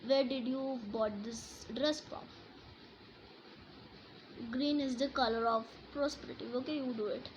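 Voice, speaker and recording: A woman's voice: high-pitched, fairly even intonation, unhurried, long pauses, a little hiss or hum, low-quality recording. A woman teaching a grammar lesson, explaining and reading example sentences aloud with emphasis.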